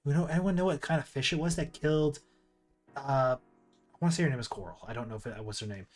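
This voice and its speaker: A man's voice: mid-range voice, fast. A man streaming casual commentary while ranking movies, rambling with restarts and asides.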